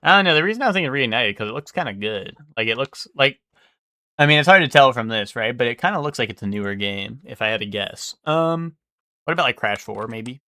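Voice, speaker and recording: A man's voice: mid-range voice, lively intonation, a little fast, pushed and bright, dry recording, studio quality. A young man streaming live, thinking aloud and guessing in casual, swearing chatter.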